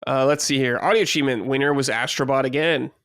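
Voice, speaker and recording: Man, podcast host, mid pitch, relaxed, reads lists, dry close mic. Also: fast talker, dry recording. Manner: easygoing, reads out lists, laughs along. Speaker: podcast host reading award results. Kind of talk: casual podcast chat.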